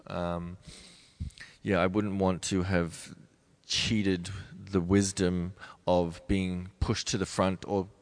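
A man in his forties, a ballet dancer being interviewed, who talks thoughtfully with many pauses and restarts. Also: low-pitched, level tone. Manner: thoughtful, halting, many restarts and soft laughs. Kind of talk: reflective interview conversation.

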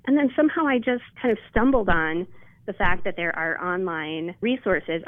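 A woman's voice: mid-range voice, no echo. Chatty woman on a tinny phone line. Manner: chatty, enthusiastic, many restarts. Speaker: interview guest, linguist. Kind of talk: phone interview, casual storytelling. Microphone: telephone.

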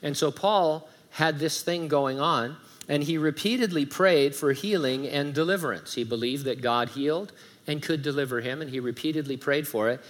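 A man's voice: fairly high pitch, normal speed. A middle-aged male pastor preaching a sermon, reading scripture aloud with emphasis and adding humorous asides.

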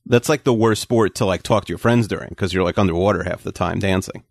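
A man's voice: deep voice, fast talker, creaky, no room sound, studio quality. A man in his forties hosting a podcast, chatting casually with a rambling, hesitant, teasing manner. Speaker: podcast host. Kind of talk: casual chat.

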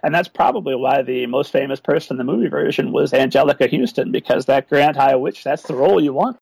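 Creaky-voiced man, eager podcast guest. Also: medium pitch, quick pace, a little mellow, no echo, low-quality recording. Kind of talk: enthusiastic interview answers.

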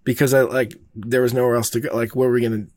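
A man's voice: mid-range voice, level tone, quick pace, darkish tone, dry recording. A man, a filmmaker, telling a long behind-the-scenes story in a casual, rambling way, full of fillers and swearing. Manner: rambling, laid-back, heavy on fillers and swearing.

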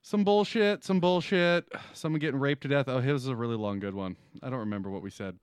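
A man's voice: medium pitch, fast, clean tone, dry recording, studio quality. A man co-hosting a crude comedy podcast, reading listener emails, laughing often and swearing freely. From Canada. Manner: laughs often, profane, gets worked up.

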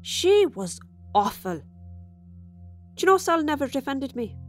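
A woman's voice: high voice, very animated, unhurried, soft background music. A woman playing a bitter, tipsy Irish widow. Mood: confiding. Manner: chatty, confiding, with sudden flashes of resentment. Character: bitter, tipsy middle-aged Irish widow talking over dinner. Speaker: storyteller. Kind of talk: dramatic monologue reading.

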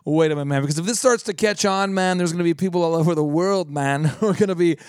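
A man's voice: fairly high pitch, fast, clean tone, no room sound. A man hosting a business radio talk show in a joking, teasing manner, recorded on a studio microphone. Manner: jokey, teasing, slips into silly voices.

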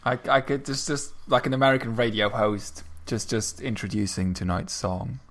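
Male podcast co-host, dry and halting, lots of ums, casual chat. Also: mid-range voice, fairly bright tone. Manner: dry, halting, with many fillers.

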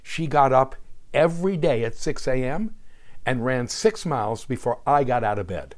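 A man in his sixties, from New Jersey, hosts his show with scripted narration. His pitch swings widely as he tells stories in a dry, sardonic way. His voice sits in a middling register. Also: animated, moderate pace. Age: 60s. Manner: wry, sardonic storytelling. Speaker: podcast host.

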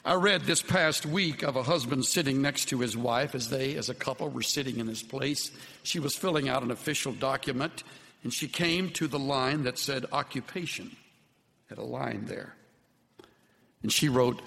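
A man preaching a sermon with an earnest, unhurried delivery that softens to tender, quiet passages. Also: medium pitch, creaky, big-room sound. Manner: slow, earnest preaching with soft, tender dips. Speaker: pastor.

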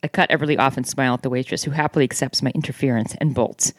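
A woman's voice: extremely low pitch, fairly even intonation, very fast, dry recording, studio quality. A woman co-hosting a casual show, reading a novel aloud and breaking off to joke and laugh. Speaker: podcast co-host.

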